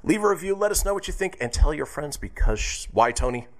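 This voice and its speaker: A man's voice: fairly high pitch, lively intonation, fast talker. A man hosting a radio show, chatting casually and laughing as he reads out a history segment.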